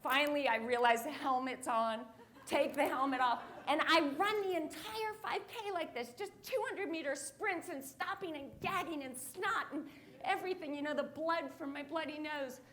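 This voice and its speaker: Woman, motivational speaker, high voice, animated storytelling, on a conference stage. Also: moderate pace. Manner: animated, lively storytelling with laughs. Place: conference stage before an audience.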